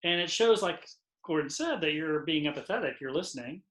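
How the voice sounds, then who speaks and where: A man co-presenting a training talk for lacrosse officials, measured and explanatory. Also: a little high, animated, fairly bright tone. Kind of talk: instructional talk. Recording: roomy echoey recording.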